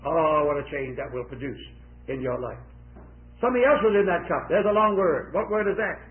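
A man with a high voice preaches a sermon built around an object lesson. He swings dramatically between loud and quiet, stopping to quiz the children listening. The sound is thin and boxy, like a lo-fi old recording. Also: moderate pace. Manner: dramatic, with big swings in loudness and pitch; quizzes children in the audience.

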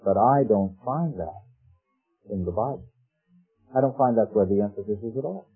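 A man's voice: lowish voice, normal speed, breathy edge. A man preaching a sermon in a conversational way, with rhetorical questions and quoted scripture. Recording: tinny phone-like old radio broadcast with faint music.

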